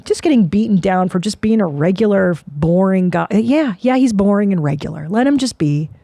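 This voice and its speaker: A woman's voice: medium pitch, expressive, normal speed, vocal fry, warm tone, dry recording, clean studio sound. A woman in her forties hosting a comedy podcast, riffing in a sarcastic, profane way. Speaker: podcast host.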